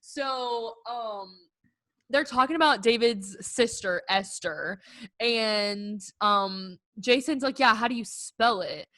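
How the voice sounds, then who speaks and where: A woman's voice: on the high side, slow, fairly bright tone, dry recording. A young woman co-hosting a podcast, telling a story in casual chat, filling her talk with "like". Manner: chatty storyteller, heavy use of "like". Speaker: podcast co-host.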